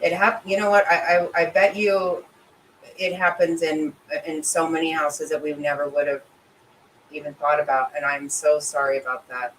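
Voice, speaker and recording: A woman's voice: sits low, level tone, normal speed, fairly bright tone, roomy sound. Middle-aged woman chatting on a livestream, emotional and kinda rambly, mic a bit far off, faint hum behind. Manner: emotional, sympathetic, rambling with restarts. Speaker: livestream host reading chat. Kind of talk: casual livestream chat. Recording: voice a bit distant from mic with faint ambient noise.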